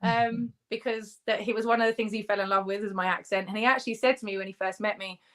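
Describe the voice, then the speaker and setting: A woman's voice: medium pitch, steady tone, fast talker, fairly bright tone. An English woman speaking as an interview guest, chatty and candid, laughing often as she talks. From England. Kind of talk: casual interview chat. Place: remote call in the United States.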